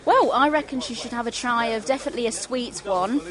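A woman's voice: on the high side, fairly quick, crowd noise. A woman at a stall listing her products plainly, with frequent ums. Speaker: stall worker.

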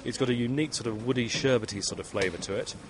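A man pitches his food products at a show stall. He talks fast and sounds eager. Faint noise sits behind him. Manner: enthusiastic, persuasive.

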